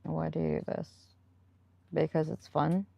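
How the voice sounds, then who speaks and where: Low, gravelly-voiced woman streamer. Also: little pitch movement, unhurried, mellow, dry recording. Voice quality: chatty and rambling, laughs often. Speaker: live streamer. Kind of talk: casual live-stream chat, answering viewer comments.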